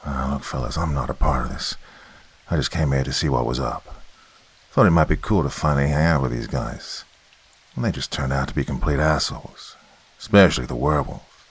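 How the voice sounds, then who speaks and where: A man voicing a huge, hairy male Bigfoot with a deep, throaty, growling voice, in a horror story reading. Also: fairly quick, slightly rough. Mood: sheepish.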